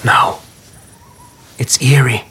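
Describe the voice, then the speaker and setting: An actor playing a gentle father who reassures his small daughter in soft whispers, in an audio Bible drama. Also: very slow. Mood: tender, reassuring.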